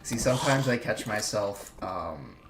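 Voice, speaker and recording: A man's voice: lowish voice, animated, unhurried, over music. A man with a slight Minnesota accent chatting casually while gaming, rambling with lots of fillers and restarts. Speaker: streamer and video maker. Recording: echoey room with clear background noise.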